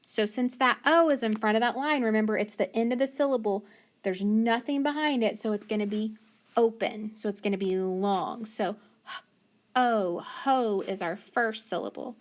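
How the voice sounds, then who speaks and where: A woman teaching a phonics lesson, slowly and patiently sounding out letters and syllables. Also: a little high.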